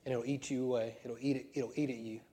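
A male pastor preaches in a church sanctuary with a mellow, darker tone. His talk is conversational and punctuated by emphatic bursts. A long hall reverb trails his words. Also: medium pitch, level tone, quick pace. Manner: conversational preaching with laughs and rising emphatic peaks. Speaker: senior pastor. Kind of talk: sermon.

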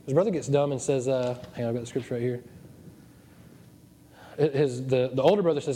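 A man's voice: medium pitch, fairly quick, pauses often, dark tone, husky. A man preaching a sermon as pastor of his church, joking and digressive as he goes. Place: church hall. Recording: long church reverb.

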